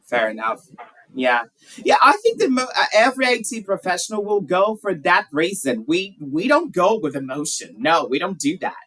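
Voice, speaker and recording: A man's voice: high voice, sing-song, normal speed, fairly bright tone, poor audio. A man teaching an English class, asking students questions and chatting frankly about his own views. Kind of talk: conversational class discussion.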